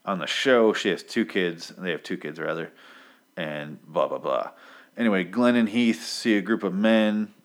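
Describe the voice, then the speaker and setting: A man with a very low, deep voice talks through a comic book recap in a loose, rambling way. He swears freely and jumps up in pitch whenever he acts out what a character says. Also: normal speed. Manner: profane, rambling, animated quoting of characters. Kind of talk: casual recap talk.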